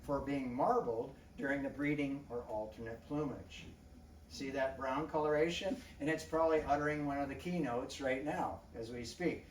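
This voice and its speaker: Roomy, distant man lecturing an audience. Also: medium pitch. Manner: conversational, quizzes the audience; clears throat often. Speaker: wildlife biologist giving a public talk. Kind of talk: lively illustrated lecture to an audience. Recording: roomy, distant mic, faint background noise.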